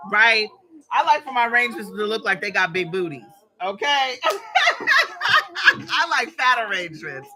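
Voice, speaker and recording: A woman's voice: medium pitch, sharp tone. A woman hosting a live stream, chatting and encouraging her viewers in a casual motivational way while she arranges flowers.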